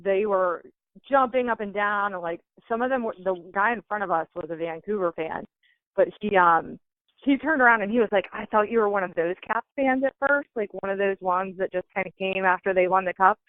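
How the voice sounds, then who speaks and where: A woman's voice: medium pitch, a little fast, no echo. Chatty woman on a tinny phone line. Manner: animated, lots of fillers. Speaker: call-in guest. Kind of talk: casual storytelling.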